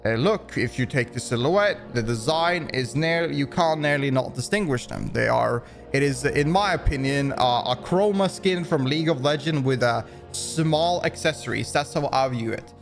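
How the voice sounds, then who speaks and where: A man's voice: medium pitch, normal speed, gravelly, hardly any pauses, faint music behind. A man giving opinion commentary, rambling along with frequent restarts and fillers. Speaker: commentary YouTuber.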